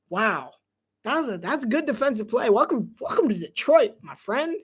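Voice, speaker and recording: Commenting on a game live by himself, this man keeps things chatty, pokes fun at himself and laughs a lot. His husky voice is very high, swings widely in pitch, and moves at a normal speed.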